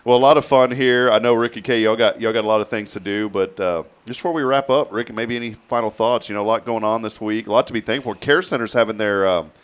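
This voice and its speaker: A man's voice: on the low side, fast, hardly any pauses, smooth. A man hosting a morning show in a casual, easygoing way, laughing often and using plenty of fillers. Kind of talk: casual chat.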